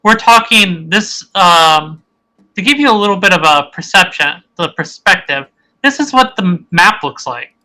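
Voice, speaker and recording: A man's voice: high-pitched, animated, normal speed, pushed and bright, rough recording. A man narrating a tabletop game as game master, rambling and searching for words as he describes scenes.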